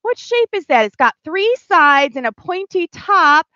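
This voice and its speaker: A woman teaching a pre-recorded ballet class to small children, with an animated, sing-song way of talking. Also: very high-pitched, a little slow, no room sound, highs cut off.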